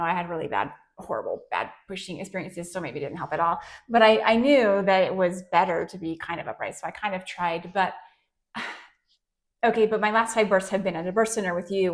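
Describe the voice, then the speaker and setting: A woman host in a casual interview who reflects on her own births and asks questions. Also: medium pitch.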